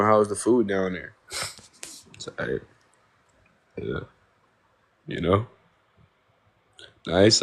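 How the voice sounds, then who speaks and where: A young man from Ohio chatting casually with viewers on a live stream, laid-back slang, repeating himself, on a phone mic. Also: on the low side. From Ohio, United States.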